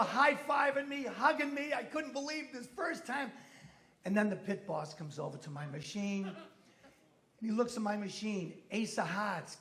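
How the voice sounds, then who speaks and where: A man's voice: high-pitched, a bit bright. A middle-aged man doing a stand-up routine, telling punchy stories with sudden exclamations and swearing. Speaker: stand-up comedian. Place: comedy club stage.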